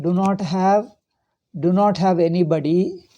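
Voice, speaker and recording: A man's voice: high-pitched, steady tone, measured pace, creaky, dark tone. A man with an Indian accent giving a Vedanta lecture as a swami, emphatic and repeating his points with rhetorical questions. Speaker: swami teacher.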